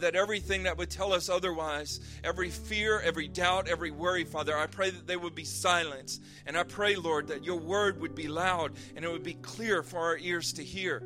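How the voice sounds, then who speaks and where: A pastor preaches a sermon in a voice on the high side with a sharp tone, reading scripture slowly and earnestly. He then prays and explains conversationally, with some fillers and restarts.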